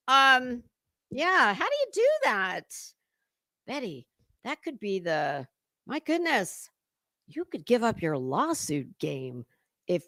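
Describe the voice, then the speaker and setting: Woman doing snarky stream commentary, slow drawl, dry close mic. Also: a little high, wildly swooping pitch, pushed and bright, no room sound. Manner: sarcastic and mocking, with lots of fillers. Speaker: livestream commentary host. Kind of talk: casual livestream commentary.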